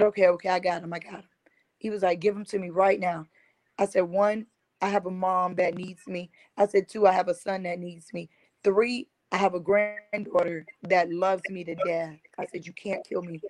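Woman, forties or older, advocate giving personal testimony; lowish, dry, earnest. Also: darkish tone, no echo, low-quality recording. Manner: earnest retelling, quoting others with "I said". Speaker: domestic violence survivor and advocate.

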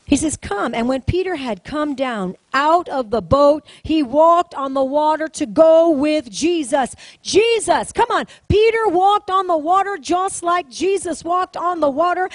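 A high-voiced woman preaching to a congregation, her pitch swinging widely as she drives each point home. She repeats key phrases and calls on the room to answer back. The sound is dry, with little room echo. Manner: emphatic, repetitive call-and-response preaching. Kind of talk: sermon. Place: church service, in front of a congregation.

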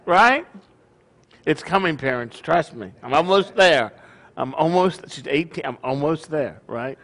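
Middle-aged guy preaching to his congregation, high voice, chatty and jokey, teases himself a lot. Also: normal speed. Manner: folksy, joking, self-deprecating. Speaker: congregation leader. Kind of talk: sermon.

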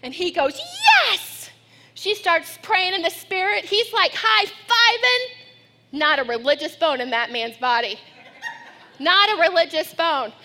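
A middle-aged woman pastor preaching a sermon, telling family stories with lively acted-out quotes. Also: very high-pitched, measured pace, slight background noise. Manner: storytelling, animated when acting out her daughter.

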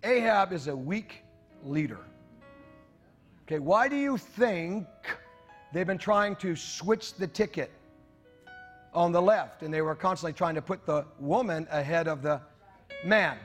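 A man's voice: on the high side, lively intonation, measured pace, pauses often, faint music behind. A man preaching a sermon in church, reading scripture aloud with joking asides to the congregation. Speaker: pastor.

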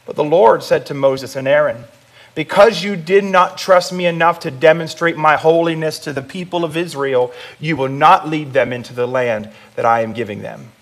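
Man, pastor, sermon, conversational preaching, somewhat high voice. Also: moderate pace, fairly bright tone. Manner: conversational preaching with audience prompts.

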